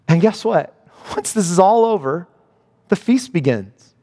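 A man preaching with great passion, his voice pitched high and swinging widely between hushed low passages and soaring cries. The sound carries a long hall reverb around him. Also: expressive, measured pace. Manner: impassioned, swings from low and quiet to high exclamations. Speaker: pastor. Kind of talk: sermon.

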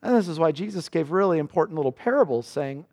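A man preaching a sermon in earnest. His pitch rises for questions and drops low and slow for solemn passages. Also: lively intonation, darkish tone. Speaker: pastor. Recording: long reverb of a church hall.

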